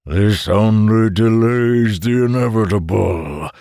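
A man voicing a huge male monster that gloats over its foes in a slow, booming way. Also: creaky, dark tone, dry recording, clean studio sound. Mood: gloating.

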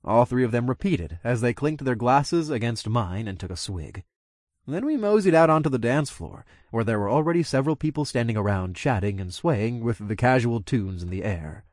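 A man reads a first-person story aloud, his pitch moving up and down as he tells it. He sounds close to the mic in a dry room with no echo, and every line carries feeling. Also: normal speed. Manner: expressive, voices every character. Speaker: audiobook narrator.

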